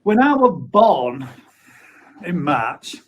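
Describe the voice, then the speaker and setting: A man's voice: fairly high pitch, big pitch swings, very slow, muffled recording. A man in his forties hosting a live stream, chatting casually and reading out viewer comments, blunt, with offhand swearing and frequent laughs. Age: 40s.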